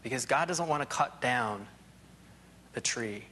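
A man of middle pitch giving a Bible lesson, speaking in a relaxed, unscripted way. He wanders through asides and restarts his thoughts as he goes. His tone stays friendly and plain throughout. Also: a little slow, breathy edge. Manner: rambling, full of "you know" asides and restarts. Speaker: Bible teacher. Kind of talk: conversational Bible teaching.

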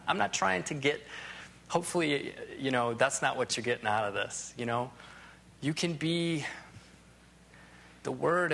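A man of middle pitch giving a Bible lesson, speaking in a relaxed, unscripted way. He wanders through asides and restarts his thoughts as he goes. His tone stays friendly and plain throughout. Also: gravelly, slight background noise. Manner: rambling, full of "you know" asides and restarts. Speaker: Bible teacher. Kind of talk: conversational Bible teaching.

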